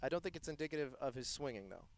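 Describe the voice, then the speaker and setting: A man from the United States giving live play-by-play commentary in a playful, joking, excitable manner. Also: mid-range voice, very fast. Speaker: sports commentator.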